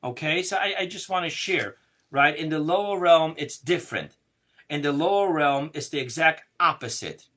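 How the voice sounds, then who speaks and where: A man giving a deliberate, slowly paced lesson on Jewish mysticism, stressing key words as he explains. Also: fairly high pitch, a bit bright. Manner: slow, deliberate explaining with rising emphasis. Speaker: teacher. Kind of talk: Kabbalah lesson.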